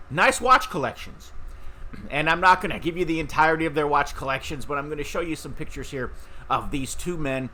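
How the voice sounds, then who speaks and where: Bright-voiced middle-aged male host. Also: on the high side, slight background noise. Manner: rambling, chatty, with fillers and restarts. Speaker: podcast host. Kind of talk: casual talk to camera.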